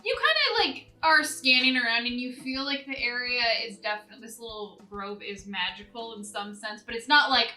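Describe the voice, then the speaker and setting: Woman game master, casual narration, bright voice, echoey room, faint music behind. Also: on the high side, fairly quick, hardly any pauses. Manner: casual, lively, many fillers. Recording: echoey room, far from mic.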